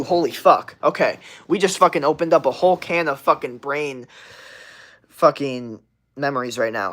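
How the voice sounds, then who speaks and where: A young adult man on a livestream tells a rambling, profane story packed with constant "like" fillers. His voice is mid-range and a bit bright.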